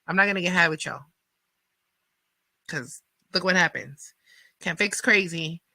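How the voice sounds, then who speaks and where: A woman radio host telling a rambling story in a casual, animated way, full of fillers and acted-out quotes. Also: fairly low pitch, a little slow, no echo.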